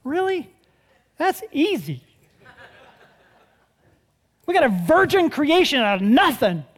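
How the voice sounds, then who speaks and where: A pastor preaches in an animated, conversational way, putting rhetorical questions to the congregation and swinging between loud and hushed delivery. His voice sits high, and he keeps a moderate pace.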